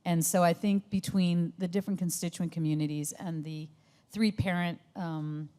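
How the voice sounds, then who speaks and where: Woman, director being interviewed; low, warm voice; reflective and halting delivery. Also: steady tone. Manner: thoughtful, hesitant with many fillers. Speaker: documentary director. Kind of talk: interview conversation.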